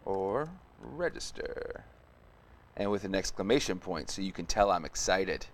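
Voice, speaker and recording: Male streamer, lowish voice, casual live-coding commentary, thinks aloud and mutters while working. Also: animated, measured pace, a little hiss or hum.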